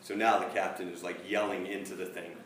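Low-voiced man preaching in an echoey room. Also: level tone, a little fast, a bit bright, slight background noise. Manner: storytelling, earnest, emphatic. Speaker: pastor. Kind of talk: sermon. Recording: echoey room, distant mic.

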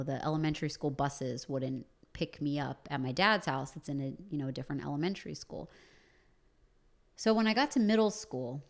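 A woman casually telling a personal story, chatty and full of fillers like "you know". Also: low voice.

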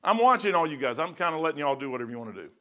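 A man's voice: a little high, sing-song, racing, pushed and bright. A man in his sixties preaching an informal sermon in a folksy, rambling way with joking asides. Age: 60s.

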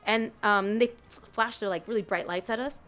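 A woman's voice: medium pitch, moderate pace, a bit bright, soft background music. Rambling young woman telling a story. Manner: rambling, filler-heavy, acts out quotes. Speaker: storyteller guest. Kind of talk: casual chat.

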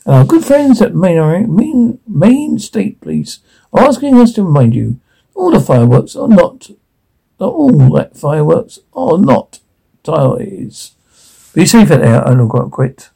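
A man's voice: on the high side, big pitch swings, unhurried, vocal fry, dark tone, breathy edge, exaggerated voice, low-quality recording. A man doing an upbeat small-town radio announcer.

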